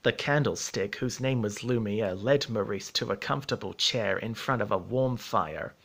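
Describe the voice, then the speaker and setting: A man narrating a storybook in a measured, steady reading voice. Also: lowish voice, creaky.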